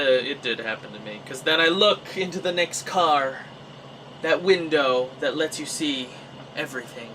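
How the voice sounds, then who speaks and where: A young Canadian man telling a personal story in a casual, animated way, acting out his own reactions. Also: a little high, distant mic, noisy background. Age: young adult. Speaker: vlogger.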